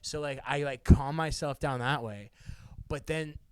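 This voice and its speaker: A man's voice: on the high side, measured pace, smooth. A young man co-hosting a podcast, telling a wild story in casual chat, laughing and swearing, full of "like" and "dude". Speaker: podcast co-host.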